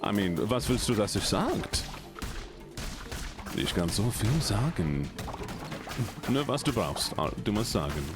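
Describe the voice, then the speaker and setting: A man's voice: lowish voice, sing-song, measured pace, pauses often. A man streaming a game, chatting playfully to his viewers in a casual way. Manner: chatty, playful, talking to chat. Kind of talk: casual gaming stream chat. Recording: game music behind. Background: game music.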